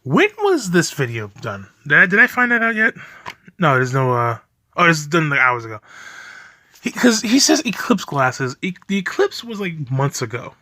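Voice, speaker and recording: Young male reaction host, angry and foul-mouthed, bright voice with lively swings in pitch. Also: moderate pace, no room sound. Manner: furious, profane ranting with bitter laughs.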